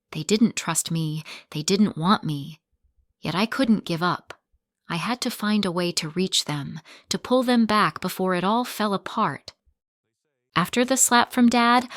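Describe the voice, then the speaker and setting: A woman narrating a first-person family drama story in a steady, dramatic reading style. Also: on the low side, no room sound, studio quality.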